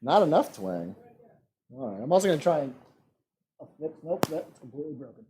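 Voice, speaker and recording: A man hosting an online trivia game. He reads out multiple-choice questions and adds relaxed joking asides. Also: fairly high pitch, fast talker. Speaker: trivia quiz host.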